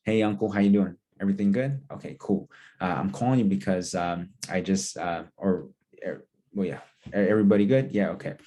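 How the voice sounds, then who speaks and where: Low, mellow-voiced man coaching call scripts. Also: brisk. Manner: coaching, repetitive, acts out both sides of calls. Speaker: sales trainer. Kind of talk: instructional role-play of phone calls.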